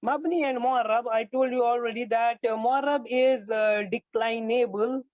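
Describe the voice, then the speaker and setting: A man's voice: very high voice, no room sound. Man teaching grammar, hesitant, dry lo-fi. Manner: slow, repetitive explaining with frequent hesitations. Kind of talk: online grammar lecture. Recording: dull lo-fi dry sound.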